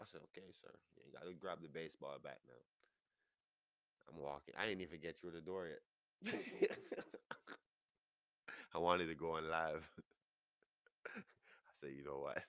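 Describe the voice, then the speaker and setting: A man with a New York accent, a podcast host telling a wild story, laughing as he goes and pitching his voice way up when he quotes people. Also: a little slow, long pauses, sharp tone, dry recording, clean studio sound. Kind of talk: animated storytelling.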